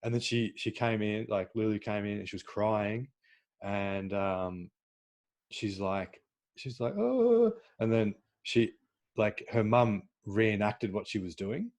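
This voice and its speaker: A man hosting a podcast, talking in a halting, casual way with many fillers and restarts. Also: lowish voice, fairly even intonation. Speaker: podcast host.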